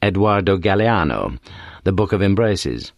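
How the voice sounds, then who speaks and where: A man reads a detective novel aloud in a measured, expressive way, his pitch moving a lot. The recording is dry and close. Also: no room sound. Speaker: audiobook narrator. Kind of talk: scripted narration.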